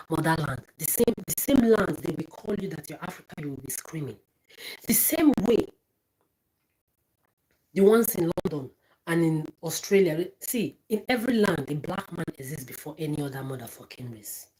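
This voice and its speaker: A woman's voice: low voice, lively intonation, normal speed, warm tone, poor audio. A woman from Nigeria, delivering an angry, profane, repetitive monologue to camera. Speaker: social media ranter.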